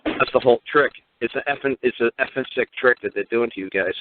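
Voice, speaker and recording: A man's voice: medium pitch, quick pace, background noise. A man hosting a call-in radio show, ranting in a rambling, profane way and repeating himself. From New York, Brooklyn. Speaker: radio talk show host. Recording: tinny phone-line radio audio.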